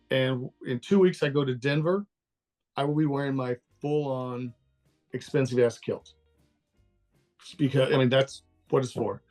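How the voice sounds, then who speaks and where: Speaking with a medium-pitched, darkish voice, an older Texan man joins a casual call-in interview as a guest, chatting candidly and laughing readily.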